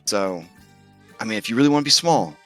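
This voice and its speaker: A man's voice: on the low side, expressive, brisk, a bit bright, faint music behind, pitched below the performer's own voice. A man voicing a sly female goddess posing as a bard, teasing and laid-back.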